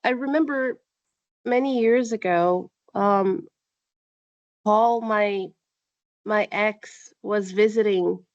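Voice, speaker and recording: A woman's voice: mid-range voice, takes it slowly, pauses often, a little mellow, dry recording. A woman from Brazil interviewing a guest, asking long, thoughtful questions on a video call. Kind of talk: casual interview chat. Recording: dull, dry video-call audio.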